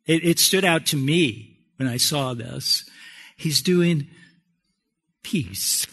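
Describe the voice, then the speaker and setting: A man preaching a sermon, swinging from raised exclamations to soft near-whispers. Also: a little high, slow pace, creaky, slightly rough. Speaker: pastor.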